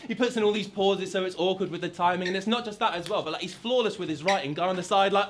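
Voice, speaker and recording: A man's voice: high-pitched, quick pace, hardly any pauses, heavy background noise. A young man from London with a London accent, delivering a mocking rap battle verse full of punchlines in front of a live audience. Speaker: battle rapper. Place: large hall with a live crowd. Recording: loud crowd cheering and laughing.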